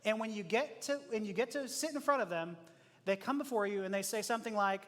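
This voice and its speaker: A man preaching a sermon as pastor, in a conversational, animated way with frequent laughs and acted-out quotes. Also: high-pitched, a little fast, in a large hall. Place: church auditorium.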